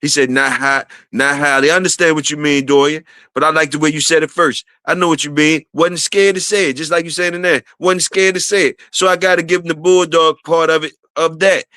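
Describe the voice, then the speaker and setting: A man, his voice bright and a little high, hosts a casual livestream. He keeps shouting out viewers and says his key phrases again and again. The sound is dry and close. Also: steady tone, a little fast, clean tone, no room sound. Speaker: livestream host.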